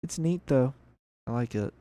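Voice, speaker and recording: A man's voice: mid-range voice, expressive, normal speed, warm tone. A young man giving casual, rambling commentary on a video game as he plays, thinking aloud. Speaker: gameplay video creator.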